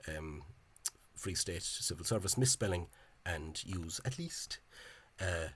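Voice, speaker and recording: A man giving an informal spoken lecture over on-screen examples. He talks in a halting, hesitant way and is openly scornful of the official spelling. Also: low-pitched, animated, a bit bright, breathy edge. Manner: hesitant and halting, with frequent pauses and restarts. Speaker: language enthusiast presenting a video lecture.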